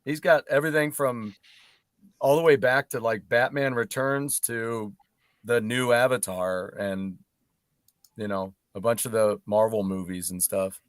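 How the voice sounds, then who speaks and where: A middle-aged man chats casually on a podcast and urges the others to try his picks. His voice sits at an ordinary pitch. It sounds close and dry, with no room around it. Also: measured pace, no echo. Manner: enthusiastic, pushes recommendations. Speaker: podcast co-host. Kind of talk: casual chat.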